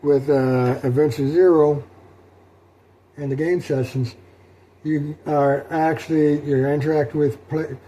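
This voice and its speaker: A middle-aged man talking through his solo tabletop role-playing session in a rambling, halting way, with many fillers and restarts. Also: fairly high pitch, fairly even intonation, mellow. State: sleepy, yawning. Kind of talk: rambling casual talk.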